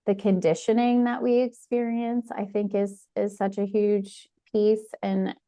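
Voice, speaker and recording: A woman's voice: medium pitch, flat delivery, unhurried, warm tone. A woman hosting a podcast, speaking thoughtfully in casual conversation. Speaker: podcast host.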